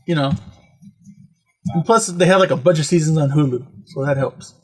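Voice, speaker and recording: A man's voice: a little high, normal speed, breathy edge. A man hosting a podcast, telling a rambling, profane story in casual chat. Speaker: podcast host.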